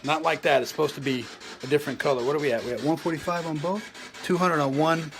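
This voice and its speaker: A man investigating alone inside an old train car, talking excitably in slang and calling out to spirits. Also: on the high side, fast talker, gravelly. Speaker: paranormal investigator. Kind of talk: ghost-hunting vlog narration.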